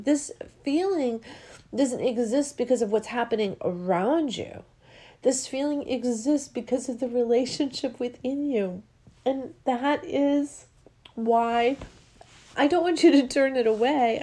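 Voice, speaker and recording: A woman speaking to her listeners as a spiritual teacher, gentle and meandering, often moved and full of fillers. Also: on the high side, normal speed. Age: adult with a child. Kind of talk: heartfelt solo talk to listeners.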